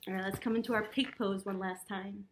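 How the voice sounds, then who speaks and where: A woman telling a picture-book story to children and leading animal yoga poses, playful and animated, making animal sounds along the way. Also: mid-range voice, brisk, echoey room, recorded from a distance, a little hiss or hum, poor audio. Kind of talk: reading a picture book aloud with kids' yoga.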